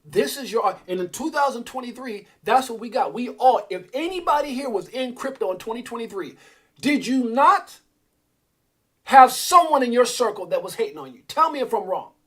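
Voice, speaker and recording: A man's voice: very high voice, lively intonation, normal speed, fairly bright tone. A middle-aged man hosting a crypto livestream, preaching in a fired-up motivational rant and calling out viewers by name.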